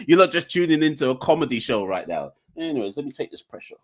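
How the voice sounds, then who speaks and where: Animated, defiant male podcast host. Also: medium pitch, quick pace, hardly any pauses. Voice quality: animated, defiant, joking ranting. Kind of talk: live call-in show chat.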